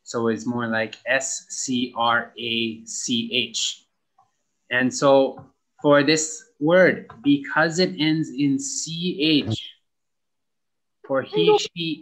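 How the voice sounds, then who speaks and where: A man teaching English to young pupils, spelling out words letter by letter and repeating each word clearly for practice. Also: medium pitch, a bit bright. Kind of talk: slow, clear classroom instruction.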